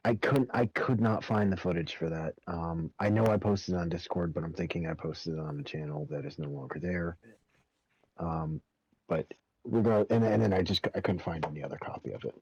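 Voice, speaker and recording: Low, husky-voiced man, rambly and casual, very dry close sound. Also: a little fast, darkish tone, no room sound, muffled recording. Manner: rambling, stop-start recollection with restarts. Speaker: gaming friend sharing memories. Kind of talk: casual group voice chat.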